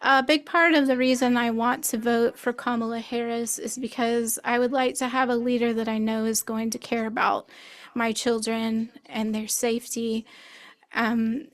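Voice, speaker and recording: A woman from Birmingham, Alabama, reads a poem and then introduces the next reader at a live fundraiser. Her voice sits a little high and stays flat and even. She talks in an earnest, measured way. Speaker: event host and poet. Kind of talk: poetry reading and live event hosting.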